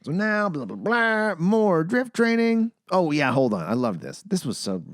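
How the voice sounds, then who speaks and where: Male podcast host, sarcastic plot recap, very lively pitch, dry close mic. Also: measured pace, dry recording. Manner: animated, mocking, acts out characters' lines. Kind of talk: casual movie-review chat.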